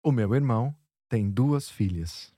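A man teaching on a lesson podcast, patiently modelling phrases slowly and encouraging the learner. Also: mid-range voice, expressive, mellow, no room sound, clean studio sound. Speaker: Portuguese teacher.

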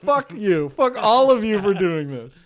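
A young man in casual podcast chat, telling animated stories, swearing, laughing and putting on voices. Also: sits high, measured pace.

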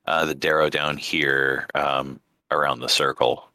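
A man's voice: a bass voice, flat delivery, a little slow, pushed and bright, no echo, clean studio sound. A man playing a tabletop game, asking the game master questions about the map. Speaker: player. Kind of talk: casual tabletop play.

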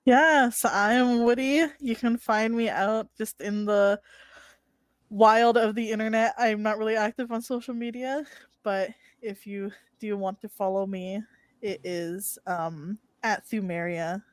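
Female player, relaxed and giggly, slow delivery, dry recording. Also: mid-range voice, dry recording. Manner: giggly, unhurried. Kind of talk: casual chat.

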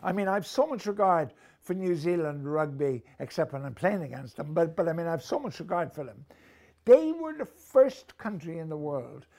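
A man's voice: a little high, animated, moderate pace, warm tone. An older man giving emphatic, opinionated rugby commentary in a casual discussion, full of rhetorical questions. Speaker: rugby pundit.

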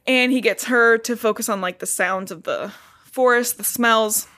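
A woman recapping a book on a podcast, sarcastic and profane, quickly acting out characters' lines. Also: fairly high pitch, bright, forceful tone. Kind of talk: casual podcast chat, retelling a book with sarcastic asides.

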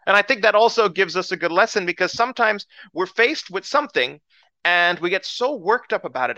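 A man preaching a lively sermon, telling a Bible story with excitement and acting out the characters. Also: sits high, fairly quick, no echo, lo-fi sound.

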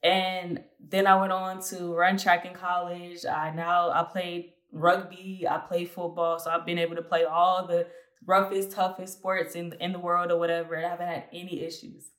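A young adult woman telling her life story as an interview guest, chatty and quick to laugh, with lots of filler words. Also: fairly low pitch, flat delivery, fairly bright tone. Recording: roomy echo.

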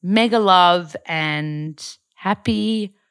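A young Australian woman with a low, smooth and clear voice talks to her listeners in a gushing, casual podcast chat. She rambles a little and leans on filler words as she goes. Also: drawn-out words. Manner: effusive, chatty, many fillers. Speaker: podcast host.

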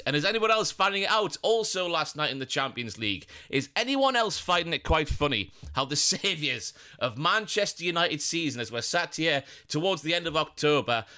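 A bright, forceful man hosting a solo football podcast. His voice sits a touch high for a man, and he talks in a lively, joking way. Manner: animated, jokey, puts on silly voices for quotes. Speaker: podcast host.

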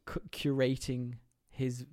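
A man co-hosting a casual film chat, talking in quick bursts with restarts and animated quoting. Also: mid-range voice. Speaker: podcast co-host.

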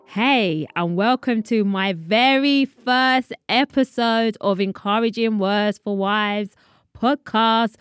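A woman in her 30s from London, England, hosts her own solo podcast, chatting in a rambling way and laughing at her own asides. Her voice is a little high and smooth, and she takes it slowly, in studio-quality sound with no echo.

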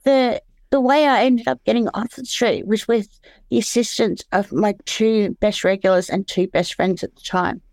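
An Australian woman telling her story candidly as an interview guest, halting and searching for words, often restarting. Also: medium pitch, steady tone, a little mellow, dry recording.

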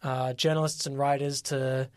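Animated podcast co-host, dry close mic. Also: mid-range voice, moderate pace, dry recording. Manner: animated storyteller, lots of fillers and quoted voices. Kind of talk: casual chat.

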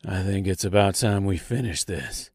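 A man doing a slow, deep Southern tin warrior. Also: darkish tone, breathy edge, no room sound, studio quality. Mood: grim. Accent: slight American Southern. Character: grim male tin man warrior, calm and menacing.

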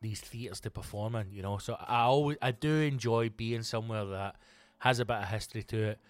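A man's voice: on the low side, steady tone, a little fast, no echo, faint music behind. A Scottish man, a comedian, chatting on his own podcast in a rambling, sweary way with lots of restarts. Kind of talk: casual solo podcast chat.

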